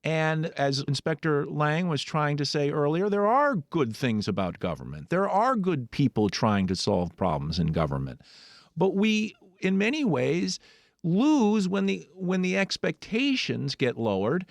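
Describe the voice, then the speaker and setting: A man hosting a public radio interview, asking musing, animated questions. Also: fairly high pitch, measured pace, dry recording, clean studio sound. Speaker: radio host.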